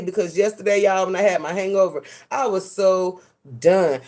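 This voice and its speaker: A woman's voice: mid-range voice, brisk, a little mellow. A woman hosting a casual commentary vlog, sassy and dramatic, full of slang. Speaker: host.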